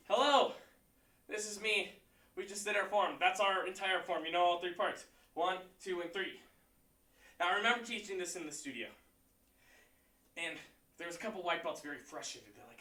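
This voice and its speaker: Lively, bright-voiced martial arts instructor. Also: male voice, high voice, moderate pace. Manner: energetic, counts out moves and shouts kiai; encouraging, pep-talk delivery. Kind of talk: leading a livestream class. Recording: echoey room, voice far from mic.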